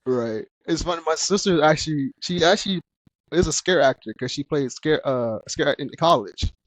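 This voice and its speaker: A man's voice: on the high side, animated, moderate pace, no room sound. A man hosting a casual podcast chat who laughs often while telling stories. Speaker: podcast host.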